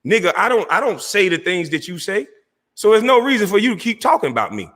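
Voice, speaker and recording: A male livestream host delivers a heated, mocking call-out aimed right at a rival. His bright voice swings widely in pitch. The sound trails off in a long, hall-like reverb. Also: very animated, fast talker. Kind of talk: confrontational call-out rant.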